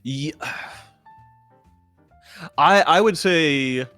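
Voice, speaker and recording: A man who is a voice actor, chatting as a guest, telling relaxed, animated stories and swearing casually. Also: a little high, drawn-out words, no room sound, faint music behind. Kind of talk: casual chat.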